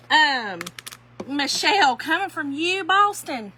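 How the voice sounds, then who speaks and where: A woman's voice: sits high, lively intonation, slow, long pauses, bright, forceful tone, a little hiss or hum, poor audio. A woman with a Southern accent, hosting a craft livestream in casual, teasing chat and laughing often. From US North.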